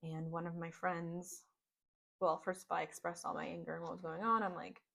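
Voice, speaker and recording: A woman's voice: lowish voice, level tone, fairly quick, creaky, fairly bright tone. A woman telling a personal story in a casual, rambling way, with plenty of "like". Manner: casual, rambling, heavy use of "like". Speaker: podcast host.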